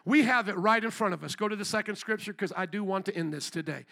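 A middle-aged male pastor preaching an animated sermon with call-and-response asides and bursts of shouting. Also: sits high, fast talker, gravelly.

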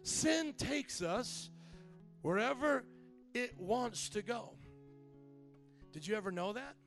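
A man's voice: extremely high pitch, animated, slow, a bit bright, soft background music. A man preaching a sermon as pastor, repeating key lines and calling on the congregation to respond. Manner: repetitive preaching with call-and-response.

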